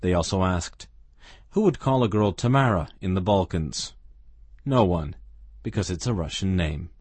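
A man reads a passage from a novel aloud in a calm, steady storytelling manner. His voice is low and slightly husky. The recording is dry and close, with no room sound. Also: moderate pace, no room sound. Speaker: reader of a novel excerpt. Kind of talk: literary reading.

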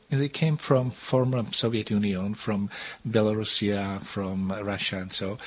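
A man in his sixties from the Czech Republic, speaking halting English with a Czech accent as an interviewed author, restarting and repeating words often. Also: lowish voice, breathy edge. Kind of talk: interview answers in non-native English.

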